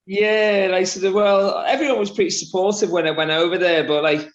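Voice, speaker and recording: A man from Liverpool in his thirties with a mixed, softened Scouse accent, chatting casually in an interview with lots of fillers and restarts. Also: high voice, fairly even intonation, fairly quick, muffled recording. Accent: mixed Liverpool, southern English and Australian. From England, Liverpool. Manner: rambling, many fillers and restarts, laughs often. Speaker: interview guest, runner.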